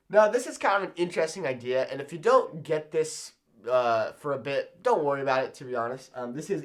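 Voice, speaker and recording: A man teaching a Spanish lesson at a whiteboard, checking in with "okay?" after nearly every point and slowing down on example phrases. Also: a little high. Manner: animated, repeats "okay?" often, slows down on example phrases. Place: classroom-style room with whiteboard.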